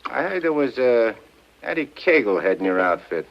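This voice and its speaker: A man's voice: medium pitch, sing-song, normal speed, gravelly. An actor playing a tough male gangster in a 1940s film, talking in menacing street slang. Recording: muffled old film soundtrack with music.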